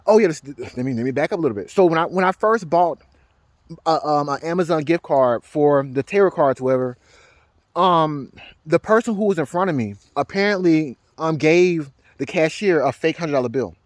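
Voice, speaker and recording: Rambling, halting young man, dry close mic. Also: on the high side, expressive, no room sound. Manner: halting, repeats words, laughs often, swears. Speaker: vlogger. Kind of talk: rambling personal storytelling.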